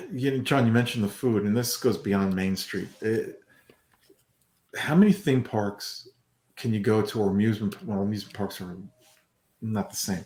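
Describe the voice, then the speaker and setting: A man's voice: fairly low pitch, a little mellow, echoey room. A man co-hosting a casual fan podcast, talking about the theme park with gushing enthusiasm. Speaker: podcast co-host. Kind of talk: casual chat.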